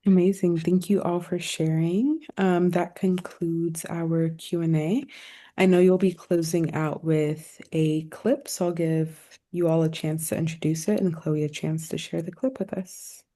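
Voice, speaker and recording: Lady moderator wrapping things up, lowish soft voice. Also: steady tone, a little slow. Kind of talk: wrapping up a panel.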